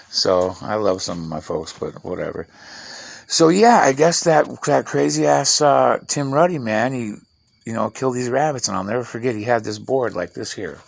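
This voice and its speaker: A man talking fast in a rambling, profane, digressive vlog monologue from his half-built shed at night. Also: medium pitch, animated, creaky. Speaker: vlogger.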